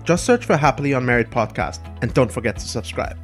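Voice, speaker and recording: A man co-hosting a relaxed podcast chat at an average pitch. He gives earnest practical advice, thinking aloud with occasional restarts. His tone is conversational and steady. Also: fast talker, faint music behind. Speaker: podcast co-host.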